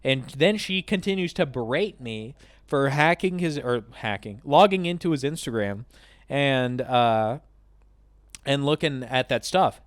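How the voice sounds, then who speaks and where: A man in his twenties casually telling a profane, animated storytime over gameplay as a channel host, acting out both sides of each argument. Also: mid-range voice, measured pace, no room sound, clean studio sound.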